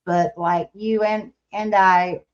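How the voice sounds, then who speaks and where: A woman's voice: mid-range voice, steady tone, slow, dull audio. A woman hosting a podcast interview, chatty and asking long, leading questions. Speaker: podcast host. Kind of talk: casual interview.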